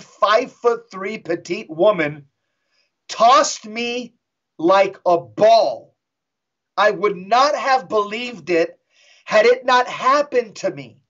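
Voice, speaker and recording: A middle-aged man, a guest on an interview show, telling a dramatic story in an intense, emphatic way and slowing down for effect. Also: fairly high pitch. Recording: dull lo-fi audio.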